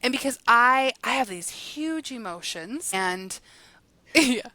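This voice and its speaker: Bright, animated woman chatting fast. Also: a little high, no echo. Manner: animated and fast-talking, with frequent laughs. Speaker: guest, guided journal creator and coach. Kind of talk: casual podcast conversation.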